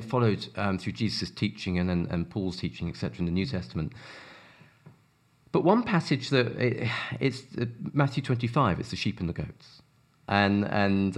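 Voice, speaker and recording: A man with a South African accent talks earnestly about his charity work, his voice sitting low. He is animated and keeps repeating words as he restarts his sentences. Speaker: charity worker. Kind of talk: earnest conversational interview talk.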